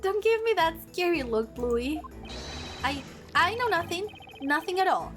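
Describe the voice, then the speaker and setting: A woman putting on a flustered young man, stammering, high pitch, slow pace, game music playing behind. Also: animated. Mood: nervous.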